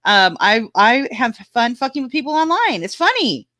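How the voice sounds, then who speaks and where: A woman's voice: a little high, very animated, moderate pace, sharp tone, no room sound, studio quality. A woman co-hosting a casual live-stream chat, laughing a lot as she tells stories and swearing freely. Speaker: panel co-host.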